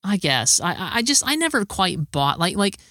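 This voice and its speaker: A man's voice: high voice, big pitch swings, normal speed, pushed and bright, dry recording, clean studio sound. A man co-hosting a casual show review chat, hesitant, repeating his words and laughing often.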